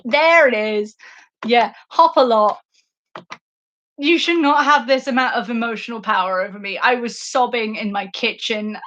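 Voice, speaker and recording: A woman with a fairly high voice hosts a casual livestream about a book series, unhurried in her delivery. She talks effusively and emotionally, breaking into laughs and filling pauses with ums and uhs. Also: a bit bright, highs cut off. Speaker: podcast host.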